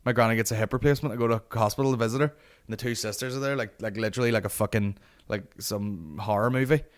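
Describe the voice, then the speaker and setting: A man's voice: lowish voice, steady tone, quick pace. A Northern Irish man in his late twenties, hosting a podcast with a sweary, ranting comic monologue. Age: late 20s. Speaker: podcast host.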